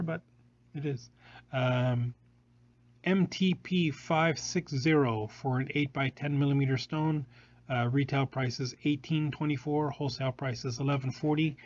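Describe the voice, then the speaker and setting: A man's voice: on the high side, a little mellow, lo-fi sound. A man hosting a live product showcase, rambling along with many fillers and restarts, recorded on a phone. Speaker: jewelry showroom host.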